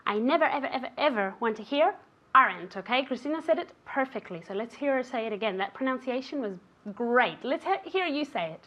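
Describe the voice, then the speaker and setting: A woman's voice: sits high, expressive, quick pace, muffled recording. A woman teaching an English lesson on a show, encouraging a student and the viewers at home, often checking in with "okay?". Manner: encouraging, ends phrases with "okay?".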